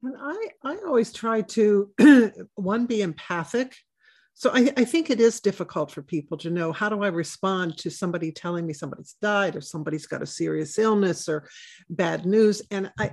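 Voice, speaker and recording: A woman hosting an interview, gentle and thoughtful, asking follow-up questions. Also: medium pitch, gravelly, slightly rough. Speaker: host, interviewer. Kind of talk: conversational interview.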